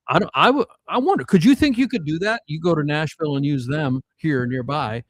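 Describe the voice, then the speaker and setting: A man from South Dakota tells a long family story in casual podcast talk. His voice sits a little high and swings widely up and down as he gets animated. Fillers and restarts run all through the story, and the sound is dry and close. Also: fast talker, hardly any pauses, dry recording, poor audio. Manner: animated, rambling anecdotes with fillers. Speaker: podcast guest.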